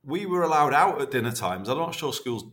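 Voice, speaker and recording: A man, chatting warmly and rambling as a podcast guest, full of restarts. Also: fairly high pitch, expressive, brisk. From North West England. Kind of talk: casual interview reminiscing.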